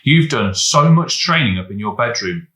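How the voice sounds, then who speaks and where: A man's voice: medium pitch, lively intonation, normal speed, reverberant, noisy background, natural voice. A man voicing a proud, cheerful dad in a storybook reading, speaking in an encouraging way.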